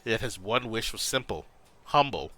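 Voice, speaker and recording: A man's voice: lowish voice, expressive, moderate pace, bright, forceful tone. A man voicing a weary, reflective middle-aged ex-gangster, reading game dialogue aloud in a subdued, thoughtful way. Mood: solemn.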